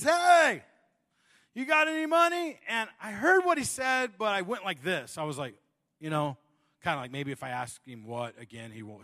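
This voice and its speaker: A male pastor telling a funny personal story in his sermon, animated and self-deprecating, often laughing. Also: a little high, in a large hall.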